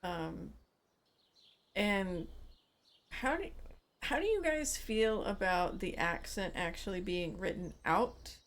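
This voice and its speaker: A woman's voice: mid-range voice, animated, slow pace, pauses often. A woman streaming a farming game in a casual chat, thinking aloud and answering her chat.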